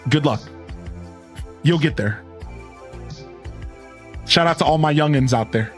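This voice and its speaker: A man's voice: fairly high pitch, measured pace, soft background music. A man in his thirties rambling casually with his live-stream viewers, chuckling and thanking them by name. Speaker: game streamer.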